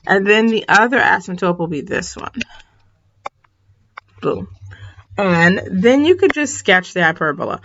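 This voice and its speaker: A woman teacher, tired and stifling yawns, takes a relaxed approach to a math problem in a recorded whiteboard lesson. She corrects herself often and apologizes along the way. Her middle-pitched voice keeps a measured pace, and the recording sounds dull and lo-fi.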